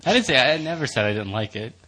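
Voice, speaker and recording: A man co-hosting a podcast with a General American accent. His voice sits in a middle register, and he teases in a dry, deadpan way. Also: medium pitch, quick pace. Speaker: podcast co-host. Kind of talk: casual chat.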